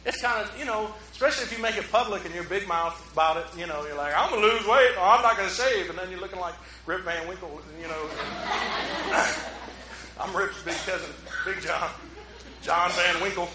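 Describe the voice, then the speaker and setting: A man preaching a relaxed, conversational sermon as pastor, joking at his own expense and drawing in the congregation. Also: sits high, fairly quick, background noise. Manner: joking, self-mocking, talks with the congregation. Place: church. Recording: roomy hall echo.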